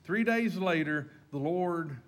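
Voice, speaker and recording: A man preaching a sermon, retelling a story dramatically as his voice swings from loud to hushed. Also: fairly high pitch, lively intonation, takes it slowly.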